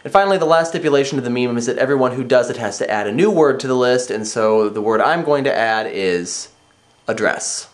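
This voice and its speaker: A man's voice: mid-range voice, animated. Midwestern American man in his twenties. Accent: Northwest Ohio, Midwestern American. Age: 20s. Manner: plain, deliberate delivery of single words. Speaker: vlogger. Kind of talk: casual vlog, reading a word list aloud.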